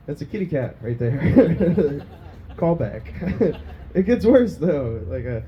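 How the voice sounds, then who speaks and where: A man's voice: on the high side, very animated, slow pace, muffled recording, a little hiss or hum. A man doing a crude, self-mocking stand-up set on a small pub stage, laughing at his own jokes. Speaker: stand-up comedian.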